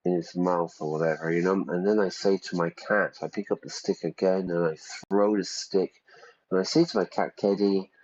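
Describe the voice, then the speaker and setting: A man's voice: deep voice, steady tone, moderate pace, a little mellow, highs cut off. A man teaching English casually while playing a game, chatty and often checking in with "yeah?".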